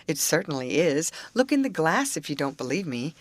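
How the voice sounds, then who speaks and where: A brisk, take-charge teenage girl, as a woman reads her in a storybook, coaxing and firm with her friends. The voice sits low for a woman and is lifted a little for the part, in a dry, close sound. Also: very animated, no echo. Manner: brisk and firmly cheering.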